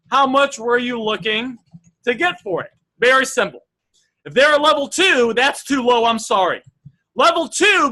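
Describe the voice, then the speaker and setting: A man coaches a training group in a live online session, upbeat and direct as he reads out sample message lines. His voice sits high and sounds bright and forceful. He talks to the class like a regular leading his own program. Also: poor audio.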